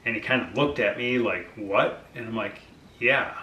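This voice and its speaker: A middle-aged man shares his story in a relaxed, conversational way, slipping into quoted dialogue with frequent fillers. He sits some distance from the mic, and the room adds a noticeable echo. A faint hum of background noise runs underneath. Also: lowish voice, normal speed. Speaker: vlogger sharing his diet journey. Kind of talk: casual personal storytelling.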